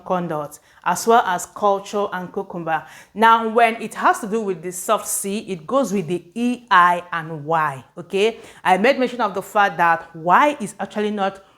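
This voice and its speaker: A woman's voice: mid-range voice, a bit bright. Woman, english spelling teacher, patient explaining, sounds out words. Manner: explanatory, repeats words slowly, checks understanding. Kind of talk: spelling lesson at a board.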